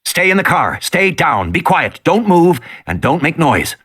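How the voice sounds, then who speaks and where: A man voicing a calm adult who gives firm instructions. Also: on the high side, a little slow, husky, voice pushed up, full character voice.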